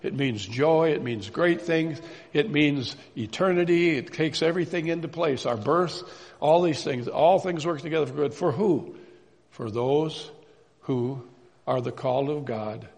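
A man preaching a sermon in a measured way, repeating key phrases for emphasis. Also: fairly high pitch, vocal fry, a little mellow. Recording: reverberant hall.

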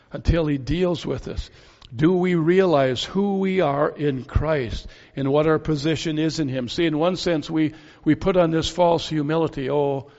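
A man preaching a verse-by-verse sermon with an earnest, reasoning delivery that leans on rhetorical questions. His voice sits a little high for a man. The recording is dull and lo-fi, with a long reverb trailing off the walls of a large hall. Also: creaky, a little mellow. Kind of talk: expository sermon.

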